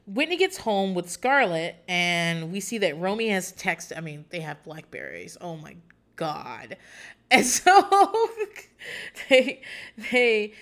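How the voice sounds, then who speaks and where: Recapping a show in casual conversation, a woman rambles, swears freely, and laughs often between filler words. Her voice is lowish with a fairly bright tone, and her manner is chatty and profane.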